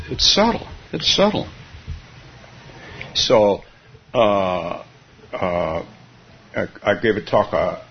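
California guy teaching zen, musing and chuckling, kinda muffled recording w faint hiss. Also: fairly low pitch. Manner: lively and musing, chuckling often, with restarts. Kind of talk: dharma talk. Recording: dull lo-fi recording.

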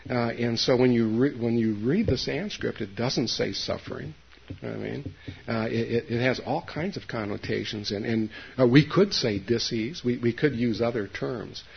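An older man gives a Zen dharma talk to a group, his gravelly, husky voice coming through a dull lo-fi recording. He speaks haltingly, with lots of fillers and restarts, and keeps checking in with his listeners in a folksy way. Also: medium pitch. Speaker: Zen meditation teacher.

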